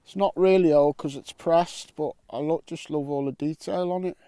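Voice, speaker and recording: A man's voice: a little high, steady tone, moderate pace, mellow, clear, resonant tone, no room sound. A man filming his metal detecting vlog outdoors on a windy island, joking, bantering and swearing as he goes. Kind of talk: casual vlog commentary. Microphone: camera mic with wind muff.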